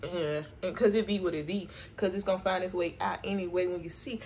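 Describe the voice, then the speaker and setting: A woman's voice: lowish voice, steady tone, brisk, darkish tone, slight background noise. A woman vlogger chatting playfully with viewers while getting ready, full of slangy asides. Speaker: beauty vlogger. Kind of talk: casual get-ready-with-me chat. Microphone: camera mic while doing makeup.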